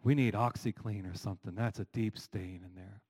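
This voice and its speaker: A middle-aged man preaching a sermon as pastor, animated, asking the congregation rhetorical questions. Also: on the low side, normal speed, rough recording.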